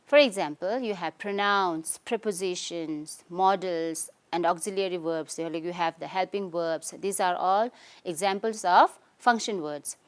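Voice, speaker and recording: A woman's voice: fairly low pitch, a little slow, clear, resonant tone. Female English teacher, Tibetan accent, patient step-by-step explainer, keeps asking "okay?". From Tibetan community in India. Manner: explanatory, frequent "okay?" and "you can say" checks. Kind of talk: recorded lesson.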